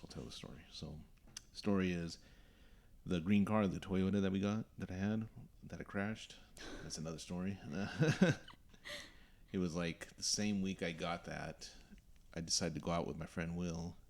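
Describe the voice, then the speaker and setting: A man's voice: low voice, fairly even intonation, moderate pace, gravelly, a little mellow. A young man hosting a podcast, telling a story casually and acting out the voices of the people in it. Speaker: podcast host.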